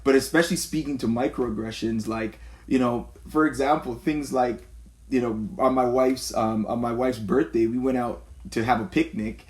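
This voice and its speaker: A man from Canada, a pastor, in a relaxed church conversation. He tells stories with energy and acts out the voices of the people he quotes. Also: medium pitch, moderate pace. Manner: animated storyteller, acts out quotes.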